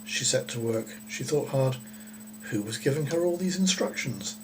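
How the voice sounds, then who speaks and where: A man's voice: medium pitch, expressive, noisy background. Man reading a children's story aloud. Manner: gentle, unhurried, occasional slips and restarts.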